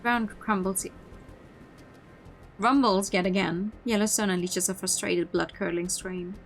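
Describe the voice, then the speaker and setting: A woman's voice: medium pitch, steady tone, a little slow, rough recording. A woman streamer reading a story game aloud in the first person, narrating expressively with small slips and restarts. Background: background music.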